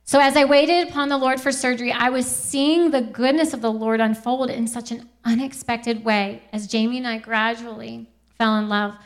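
A young woman giving a Christian testimony talk, earnest and quick to laugh, often quoting scripture. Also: on the high side, fairly even intonation.

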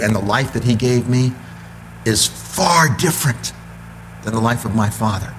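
A man preaching a sermon with animated storytelling, acting out voices. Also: medium pitch, normal speed, slight background noise.

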